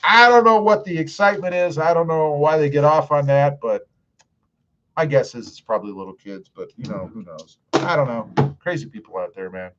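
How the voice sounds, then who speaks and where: A man's voice: fairly high pitch, expressive, moderate pace, a bit bright, a little hiss or hum. A man hosting a casual live stream, reading viewer comments aloud in an easygoing, drawling way with lots of "uh" fillers. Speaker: YouTube live-stream host. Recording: dull lo-fi stream audio.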